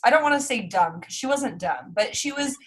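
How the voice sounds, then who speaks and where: A woman from California's Central Valley talks casually on a podcast in a slightly higher voice. She tells chatty personal stories with easy asides. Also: lively intonation, brisk. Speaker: podcast co-host. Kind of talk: casual chat recapping a movie.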